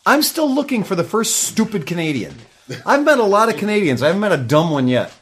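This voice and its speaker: A man's voice: high-pitched, sing-song, fast, a bit bright. A man hosting a podcast in casual chat, sarcastic and swearing freely. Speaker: podcast host.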